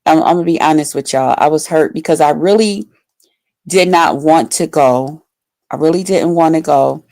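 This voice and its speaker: A woman's voice: low voice, normal speed, darkish tone, no echo. A woman vlogger telling a personal story to her viewers in casual, blunt, profane talk full of fillers.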